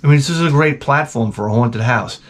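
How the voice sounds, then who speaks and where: A man's voice: medium pitch, fairly quick. A man in his forties, the channel host, telling a profane, rambling comedic rant.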